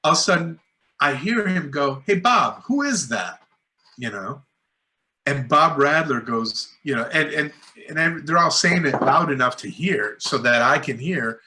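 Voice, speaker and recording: Animated storytelling man, bright voice. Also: on the high side, moderate pace, a little hiss or hum. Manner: animated anecdotes, acting out quotes, frequent "like" and "you know". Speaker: filmmaker guest. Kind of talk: casual storytelling interview.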